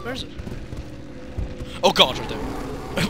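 A man giving casual gameplay commentary, excitable and foul-mouthed, cooing at the game's creatures and yelping at sudden scares. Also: very high-pitched, a little slow, pauses often. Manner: excitable, swears freely, baby-talks to game creatures, sudden yelps. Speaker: gaming channel host. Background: game music.

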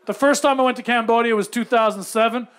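A middle-aged man performing stand-up with a very high voice. He tells his story in quick, punchy bursts and keeps the delivery animated. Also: smooth. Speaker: stand-up comedian. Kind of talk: stand-up comedy.

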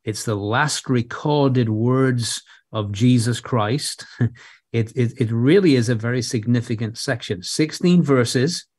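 Measured male preacher, dry sound. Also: medium pitch, a little mellow, slightly rough, no room sound. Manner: measured, emphatic on key phrases, some repeated words. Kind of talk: expository sermon.

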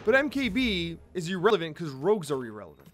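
Upbeat high-voiced male game streamer. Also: fast talker, soft background music. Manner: energetic, chatty, repeats phrases. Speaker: streamer and host. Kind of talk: live game commentary.

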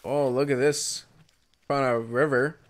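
Dude narrating his survival game, slow and easy, goes oh hell no at stuff. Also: mid-range voice, steady tone. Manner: casual, exclaims at surprises. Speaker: gameplay commentator. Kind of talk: solo gameplay commentary.

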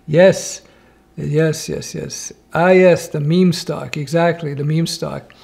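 A man's voice: fairly high pitch, steady tone, takes it slowly, gravelly, darkish tone. A man hosting a casual live-stream Q&A, reading chat questions aloud and answering with wry asides from his home office.

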